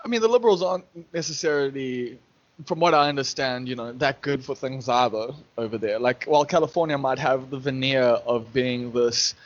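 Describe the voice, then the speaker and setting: A man's voice: medium pitch, brisk. Guy hosting a chat, meanders while he thinks, dull audio. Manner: rambling, thinks aloud with restarts. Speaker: podcast host. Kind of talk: casual interview chat.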